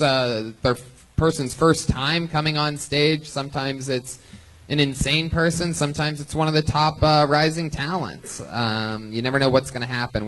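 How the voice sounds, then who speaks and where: A man hosting a live comedy show, energetic and hyping up the crowd. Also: fairly high pitch, poor audio. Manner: energetic, hype announcer. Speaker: host.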